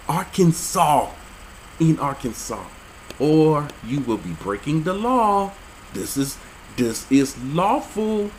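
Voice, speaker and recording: A man reading out odd laws and commenting on them, with an animated, incredulous and joking manner. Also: on the high side, slight background noise, rough recording. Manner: animated, incredulous, jokey asides. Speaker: religious commentator.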